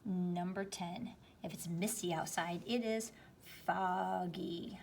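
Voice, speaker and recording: A woman teacher slowly and patiently walking students through a spelling worksheet, step by step. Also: on the low side, steady tone, gravelly, a little mellow, slight background noise. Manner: slow, patient, explaining step by step. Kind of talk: spelling lesson walkthrough.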